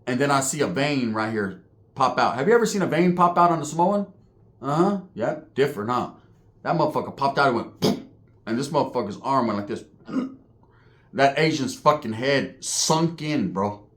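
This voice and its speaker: A man telling prison stories in a casual monologue, animated and profane, heavy on street slang, acting out the people he describes. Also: mid-range voice, normal speed. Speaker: storyteller recounting prison life.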